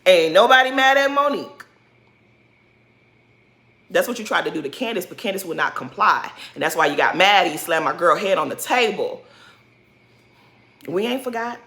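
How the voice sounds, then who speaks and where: A woman gives a sassy, animated recap of a reality show and talks straight to the people in it. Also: lowish voice, normal speed, pauses often. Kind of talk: casual recap commentary.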